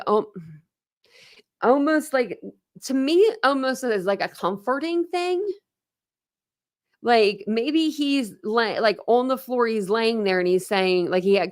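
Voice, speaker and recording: A woman's voice: a little high, no room sound, studio quality. Upset woman reading case files live. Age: adult with a young son. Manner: conversational, full of "like" and restarts, openly upset. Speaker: true crime channel host. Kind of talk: live-stream reading of court documents with commentary.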